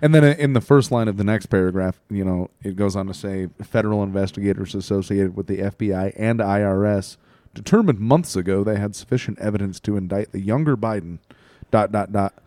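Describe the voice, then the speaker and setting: A man's voice: lowish voice, a little fast, hardly any pauses, dark tone, no echo. Blunt, folksy podcast man. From Iowa. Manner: blunt, interjecting folksy remarks. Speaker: podcast co-host. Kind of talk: casual political chat.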